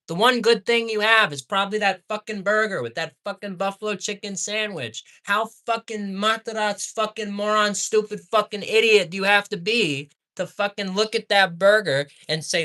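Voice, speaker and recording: In a profanity-laced rant, a man reviews fast food, piling on repeated insults and lurching between quiet muttering and loud yelling. His intonation stays fairly even throughout.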